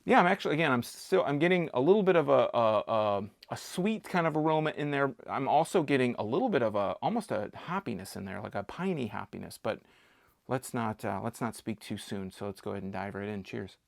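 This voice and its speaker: A man talking through a beer tasting in a relaxed, rambling way, cracking small jokes as he goes. His voice has a gravelly edge and sits at a middle pitch, recorded close and dry with no room sound. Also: a little fast, no room sound. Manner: chatty, jokey, rambling with restarts. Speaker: beer reviewer. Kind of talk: casual beer tasting vlog.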